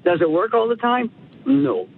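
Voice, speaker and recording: Gravelly, high, lively male caller on a phone. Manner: halting, hesitant. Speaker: radio caller, bylaw officer. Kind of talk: phone-in call. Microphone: phone line. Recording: tinny phone line with a faint rumble.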